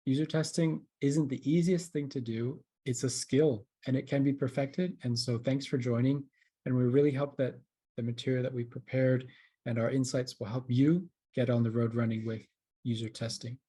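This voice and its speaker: A man's voice: medium pitch, fairly even intonation, normal speed, mellow, breathy edge. Upbeat man hosting a webinar. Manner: upbeat, talks straight to the audience. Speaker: webinar host. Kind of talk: presenting a live webinar.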